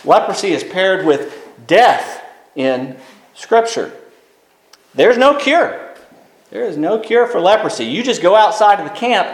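Male pastor, sermon delivery, high and very lively voice, echoey room. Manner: animated preaching, reading scripture aloud with emphatic rises.

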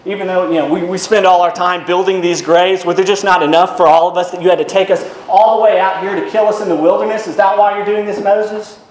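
A man's voice: high voice, moderate pace, pitched above the performer's own voice, natural voice. A man voicing a grumbling crowd of ex-slaves, sarcastic and complaining. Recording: roomy echo.

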